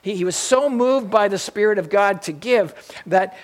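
A man's voice: high-pitched, normal speed. A male pastor preaching a sermon in a storytelling way, often repeating and restarting his phrases. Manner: storytelling, with frequent restarts and repetition.

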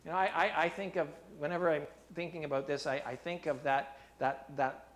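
A man preaching a sermon, reading scripture in a low, quiet voice and rising loud for emphasis. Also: fairly even intonation, brisk. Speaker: pastor.

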